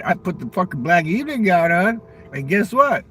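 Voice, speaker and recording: A man rambles through crude stories in a loose, profane monologue, his voice sitting a bit higher than most men's. He talks outdoors near a railroad crossing, with faint traffic noise behind him. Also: animated, normal speed, hardly any pauses, pushed and bright. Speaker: vlogger.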